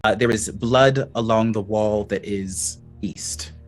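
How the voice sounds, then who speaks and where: A man's voice: fairly low pitch, fairly even intonation, faint music behind. Man describing scenes as game master. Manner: describes scenes with halting restarts. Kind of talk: narrating a tabletop game.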